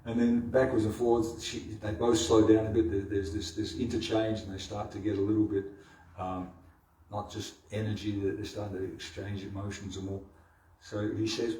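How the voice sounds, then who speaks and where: A man leading a devotional scripture class, retelling the story with halting repeats and restarts. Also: fairly low pitch, level tone, a little mellow. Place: temple hall. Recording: roomy hall from far off.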